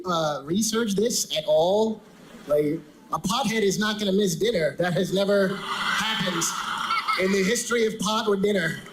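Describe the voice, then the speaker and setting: A man's voice: high voice, background noise. A man doing a stand-up comedy routine in a conversational way, asking the crowd questions.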